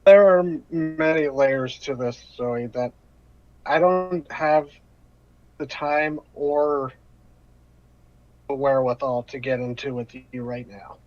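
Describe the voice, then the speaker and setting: A man voicing a guarded, weary company agent who speaks in measured, halting phrases. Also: mid-range voice, close to an everyday voice. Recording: muffled online call audio.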